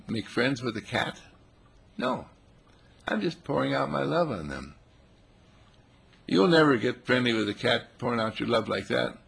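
Man, spiritual teacher, gravelly and raspy, lively up-and-down pitch, playful. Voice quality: gravelly, husky. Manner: playful, animated, voicing animals and quotes. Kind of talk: spiritual talk.

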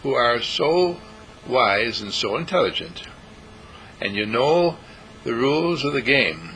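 Preaching through a monologue of rhetorical questions, this radio talk host, also dean of a healing school, gives voice to imagined listeners on his spiritual show. His mid-range voice is sharp and sing-song and he takes his time; the rough recording carries a little hiss or hum.

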